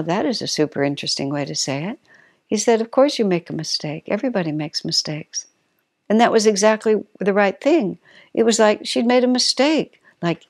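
A woman giving a reflective spiritual talk. She pauses thoughtfully, searches for her words and corrects herself. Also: medium pitch, dry recording, clean studio sound.

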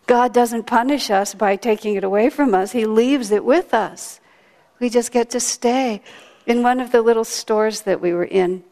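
A woman giving a sermon, telling stories in a gentle, reflective way. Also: a little high. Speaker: spiritual teacher. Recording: long hall reverb.

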